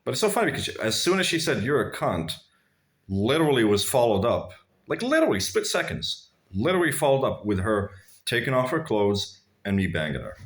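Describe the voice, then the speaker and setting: Fairly quick and sing-song, a mid-range male voice belongs to a vlogger casually storytelling to camera. He rambles through blunt, crude tales about himself, addressing viewers as "guys."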